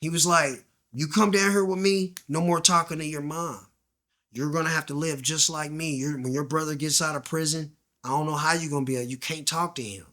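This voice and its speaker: A man's voice: fairly high pitch, fairly even intonation, fairly quick, sharp tone. A man guest telling his story in slang, acting out the voices in quoted dialogue and dropping to a near-whisper at tense moments. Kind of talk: candid storytelling interview.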